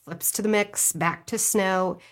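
A woman joining a radio show as the weather guest, walking through the forecast conversationally. She is upbeat and quick to giggle, and her pitch sits in the middle for a woman. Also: fairly even intonation, fairly bright tone. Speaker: meteorologist guest.

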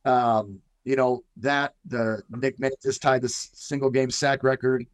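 A man's voice: medium pitch, level tone, a little slow, no echo. A middle-aged man, a football coach, talking earnestly in a casual radio interview with many fillers and restarts.

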